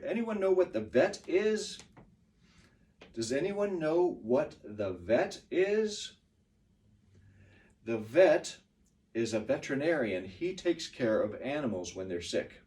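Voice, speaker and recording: A man's voice: mid-range voice, a little mellow, recorded from a distance. A middle-aged man teaching pronunciation to a class of children, patiently explaining words and chanting the beats. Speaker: ESL teacher.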